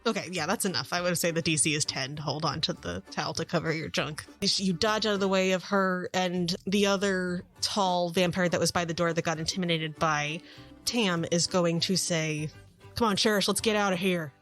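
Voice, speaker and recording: Woman game master, low-voiced, chatty, over faint music. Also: steady tone, moderate pace, fairly bright tone. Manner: chatty, laughing, voicing characters. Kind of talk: narrating a tabletop game.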